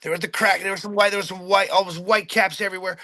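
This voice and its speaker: A middle-aged man excitedly telling a fishing story in casual chat, acting out his own quotes and restarting his sentences often. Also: sits high, fast talker. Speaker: charter boat captain telling a fishing story.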